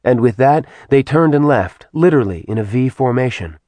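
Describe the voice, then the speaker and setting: A man reading an audiobook in measured, even storytelling narration. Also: medium pitch, no echo. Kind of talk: scripted narration.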